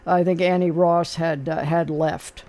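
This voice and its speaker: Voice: medium pitch, level tone, unhurried, a little mellow. Rambling radio call-in host. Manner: rambling, with many fillers and restarts. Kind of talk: casual call-in talk about oldies and jazz.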